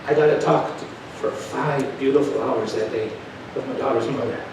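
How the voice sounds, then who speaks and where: A man's voice: mid-range voice, normal speed, noisy background. Middle-aged guy preaching, chatty storytelling sermon, big echoey hall, mic kinda far off. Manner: folksy, conversational, asks the crowd questions. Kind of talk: sermon with personal stories.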